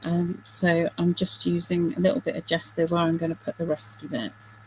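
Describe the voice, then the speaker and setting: A woman's voice: fairly low pitch, little pitch movement, normal speed, darkish tone, slight background noise, poor audio. A middle-aged woman hosting a craft video, chatting casually and self-deprecatingly while she works, with giggly asides.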